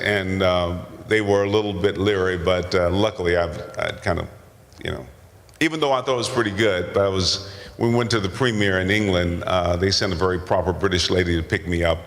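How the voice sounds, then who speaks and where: An older actor telling stories at a convention Q&A, rambling and self-deprecating with many restarts. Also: male voice, low voice, fairly quick, fairly bright tone. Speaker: guest actor. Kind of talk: convention Q&A storytelling. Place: large convention hall. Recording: convention hall with long reverb.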